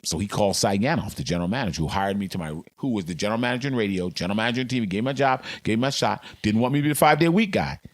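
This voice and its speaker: A man's voice: fairly low pitch, expressive, rapid-fire, few pauses, dry recording, clean studio sound. An older man, a veteran sportscaster, telling stories emphatically as a guest in a podcast interview. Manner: emphatic, dramatic storyteller.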